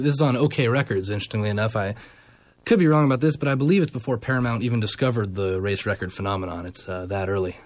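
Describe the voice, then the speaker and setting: A man with a low-pitched voice hosting a radio show. He introduces records casually and often pauses on fillers and restarts. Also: no room sound. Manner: hesitant, frequent fillers.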